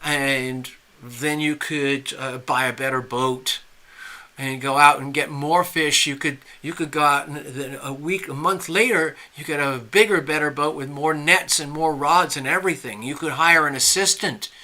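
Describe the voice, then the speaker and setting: A man's voice: fairly high pitch, steady tone, normal speed, pushed and bright. A man voicing a pushy, eager male stranger who insists in a persuading, salesman-like way, told in a casual spoken parable.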